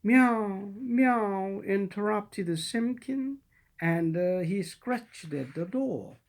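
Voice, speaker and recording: A reader slowly reading a classic children's story aloud, with the odd small stumble and restart. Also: mid-range voice, expressive, darkish tone.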